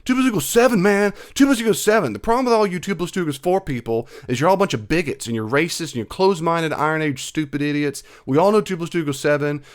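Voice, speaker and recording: A man's voice: a little high, fast, hardly any pauses, voice pushed up, natural voice. A man voicing an angry male skeptic who rants and repeats insults. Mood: ranting. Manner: shouting, repetitive, mocking.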